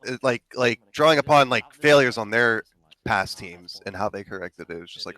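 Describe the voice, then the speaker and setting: Bright-voiced man in animated gaming talk. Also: mid-range voice, moderate pace, no echo. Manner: animated storytelling, loud when quoting his own shouts. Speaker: competitive player co-hosting a match review stream. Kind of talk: casual chat.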